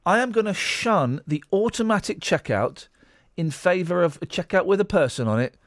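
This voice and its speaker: A man hosting a radio talk show from a studio mic, rambling and teasing in an animated way. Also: high voice, moderate pace, no room sound. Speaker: radio host.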